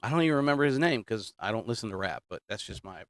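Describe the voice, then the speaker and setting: A man's voice: on the low side, lively intonation, fast, fairly bright tone, no echo, clean studio sound. A man hosting political commentary, talking casually and emphatically, repeating his points and drifting off topic. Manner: repetitive, emphatic, digressing.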